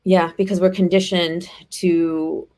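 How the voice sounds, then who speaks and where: A woman host giving calm, affirming replies to her guest. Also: on the low side, takes it slowly. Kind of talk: supportive interview replies.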